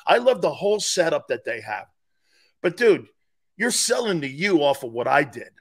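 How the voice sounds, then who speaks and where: Animated, emphatic man in his fifties. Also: on the high side, moderate pace. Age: 50s. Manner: animated and emphatic, with loud outbursts and repeated words. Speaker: guest, former player and sports radio host. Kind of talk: casual podcast interview.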